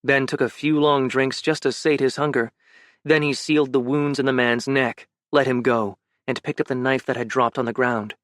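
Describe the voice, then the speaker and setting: A man's voice: mid-range voice, fairly even intonation, moderate pace, a bit bright, no echo. Male audiobook narrator, dry close sound.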